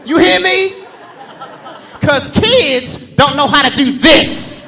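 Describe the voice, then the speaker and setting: A man in his thirties doing live stand-up comedy on a theater stage, telling loud, profane stories about his kids and acting them out in squeaky shouts. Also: takes it slowly, some chatter behind, a little hiss or hum. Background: live audience laughter.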